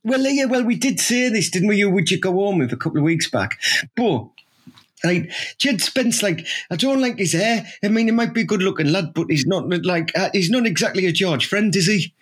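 A man's voice: high voice, expressive, a little fast, slightly rough. A man co-hosting a podcast, trading laddish banter and laughing often. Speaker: podcast co-host. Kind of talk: casual chat.

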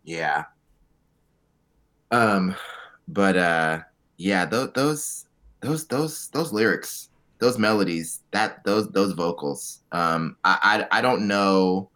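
A man co-hosting a podcast in casual chat, telling profane, animated stories with quick asides. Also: deep voice. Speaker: podcast co-host.

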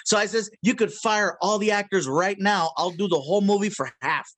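A man being interviewed as a voice actor, telling animated, jokey stories and laughing at his own lines. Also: sits high, brisk, no room sound. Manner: animated storyteller, drops into character voices. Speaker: guest voice actor. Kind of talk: casual interview.

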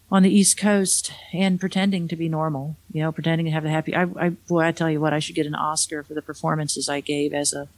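A woman's voice: low-pitched, darkish tone. A middle-aged woman, an author, telling a personal story in a candid, conversational way with wry asides. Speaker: author and speaker.

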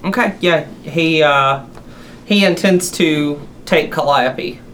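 A game master narrating a tabletop fantasy game in a relaxed, easy way. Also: mid-range voice, takes it slowly, a little hiss or hum.

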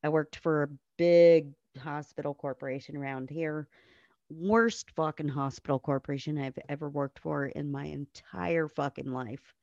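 A nurse guesting on a podcast tells blunt stories peppered with swearing, performing the voices of the people she quotes. Her low-pitched voice is gravelly and a little mellow, with fairly even intonation at normal speed. There's no echo, but the recording is muffled.

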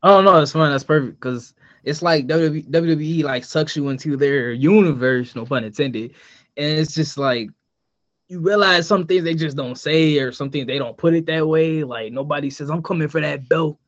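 A man's voice: a little high, normal speed, no echo, lo-fi sound. A man co-hosting a casual podcast, easygoing and laughing, filling his talk with "like" and "you know.". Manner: relaxed, lots of "like" and "you know", laughs easily. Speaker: podcast co-host.

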